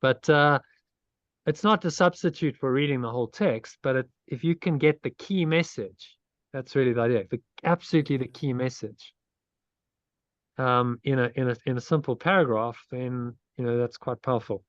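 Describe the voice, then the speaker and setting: A man's voice: medium pitch, normal speed, no room sound, dull audio. A man leading a study group and a guided meditation, talking earnestly and often restarting his phrases as he thinks aloud.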